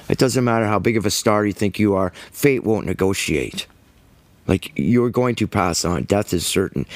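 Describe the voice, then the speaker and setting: A man's voice: on the low side, no room sound. A man preaching a sermon, emphatic and scornful, firing rhetorical questions at his listeners.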